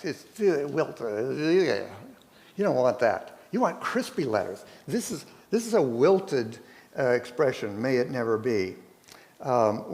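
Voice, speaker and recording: A man teaching a verse-by-verse Bible study in a church, talking slowly and conversationally with rhetorical questions. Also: on the high side, darkish tone.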